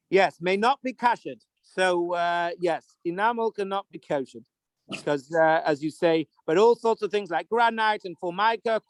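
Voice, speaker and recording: A high-pitched male rabbi speaks in a loose, rambling teaching style. He restarts his sentences, fills pauses with "uh" and "um," and looks things up out loud. The recording is close and dry, with no room sound. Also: smooth, dry recording. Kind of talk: casual teaching talk with anecdotes.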